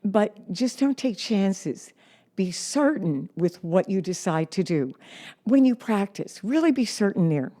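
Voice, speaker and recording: Slow-talking woman teaching singing. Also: medium pitch, animated, dark tone. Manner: slow, encouraging, reads aloud and sings examples. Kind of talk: singing lesson with demonstrations.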